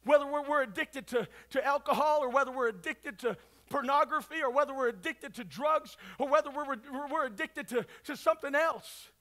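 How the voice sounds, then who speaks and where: A man preaching a sermon at a church service, swinging between fervent shouts and hushed, quiet passages. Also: very high-pitched, brisk. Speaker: pastor.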